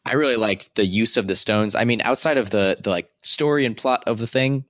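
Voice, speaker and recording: Deep-voiced man, halting podcast chat. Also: fairly bright tone, no echo, clean studio sound. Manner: hesitant, halting, frequent fillers. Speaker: podcast co-host. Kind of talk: casual movie review chat.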